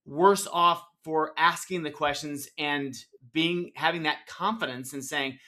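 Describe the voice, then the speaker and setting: Bright, fairly high-voiced male podcaster. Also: fairly even intonation, measured pace. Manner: affirming, thinking aloud with restarts. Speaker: podcast co-host. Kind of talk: casual podcast conversation.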